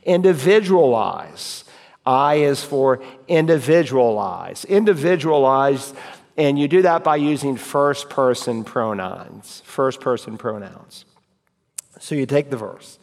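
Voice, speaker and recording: A man teaching a Bible class in a relaxed, conversational way. He repeats key phrases and recites verses aloud to show how it is done. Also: medium pitch, slow pace, creaky. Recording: reverberant hall.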